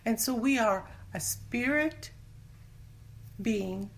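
A woman's voice: fairly high pitch, expressive, slow pace, gravelly, slight background noise. A woman giving a casual Bible teaching in conversation, earnest, sometimes dropping to a whisper for emphasis. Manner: acts out everyday voices when quoting. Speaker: Christian teacher.

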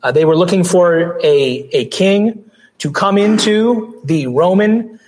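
A pastor delivering a sermon, hoarse with his voice going out, earnest, with restarts and throat clearing. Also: high-pitched, takes it slowly, darkish tone, poor audio.

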